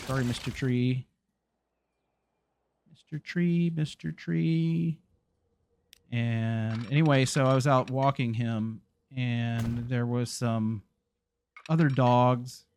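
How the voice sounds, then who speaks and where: A man's voice: medium pitch, level tone, takes it slowly, darkish tone, slight background noise. Rambling man telling a story. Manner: rambling, with many restarts and filler phrases. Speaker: gaming channel host. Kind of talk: casual storytelling while playing a game.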